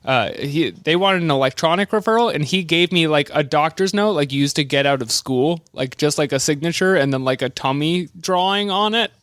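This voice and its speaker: A man's voice: a little high, brisk, few pauses, fairly bright tone, smooth. A male podcast host telling a rambling comic story and acting out other people's lines, laughing often. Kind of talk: comedic storytelling chat.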